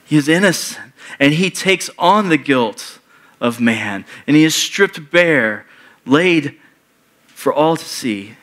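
A male pastor giving a sermon, retelling a story in slow, deliberate short phrases. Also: a little high, animated, a bit bright.

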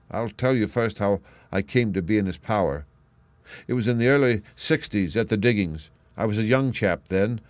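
A man reading the part of a weary, guilt-ridden old man who is dying, in a slow, heavy, confessional way. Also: fairly low pitch, dry recording, close to an everyday voice. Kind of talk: audiobook reading.

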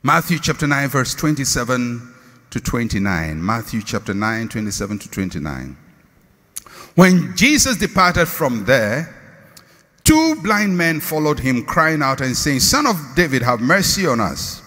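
A male pastor preaching a sermon, swinging from shouted lines to hushed, slow refrains. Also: medium pitch, sing-song. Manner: slow, drawn-out repeated refrains. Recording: long hall reverb.

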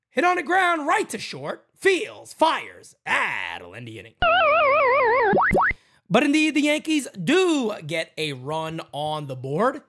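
Animated male livestream ballgame caller. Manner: excitable, jumps to loud calls on big plays; banters and thanks viewers between pitches. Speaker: livestream host calling a baseball game. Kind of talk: casual play-by-play with chat shout-outs.

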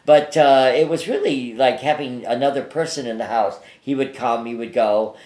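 A man's voice: mid-range voice, moderate pace, darkish tone, reverberant. An older man, a psychic guest, telling anecdotes in a rambling, casual way full of fillers and restarts, interviewed in his apartment.

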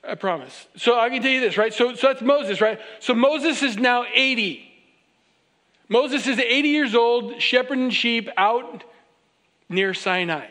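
A pastor with a high, light voice delivers a sermon in a church. He moves between reading scripture and playful, animated asides where he acts out the characters, and he keeps a casual, joking tone with his congregation. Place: church sanctuary.

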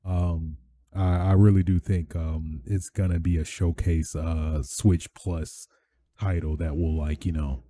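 A man hosting a casual gaming podcast, rambling with many fillers and getting excitable with swearing. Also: low voice, a little slow. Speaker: podcast host. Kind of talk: casual solo podcast talk.

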